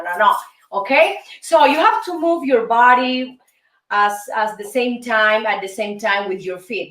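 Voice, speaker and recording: Cuban woman host, Spanish-accented, teaches salsa at an unhurried pace, upbeat and coaxing, heard from across an echoey room with music. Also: sits high. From Cuba. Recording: roomy sound from a distant mic with music playing.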